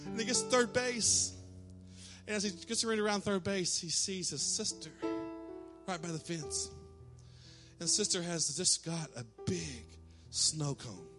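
A male pastor preaching a sermon in church, telling a lively story and calling out cheers in a raised voice. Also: high-pitched, unhurried, over music. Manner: animated storytelling, shouting quoted cheers.

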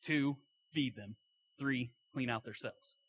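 A man's voice: mid-range voice, takes it slowly, fairly bright tone, breathy edge, dry recording. A man preaching a sermon, retelling a story in a folksy way with asides and acted-out quotes.

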